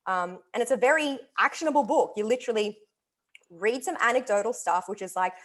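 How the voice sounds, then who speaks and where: A woman's voice: fairly high pitch, brisk. Chatty enthusiastic woman. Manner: enthusiastic, talkative, repeats "literally" and "like". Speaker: guest author and wellness coach. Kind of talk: casual interview chat.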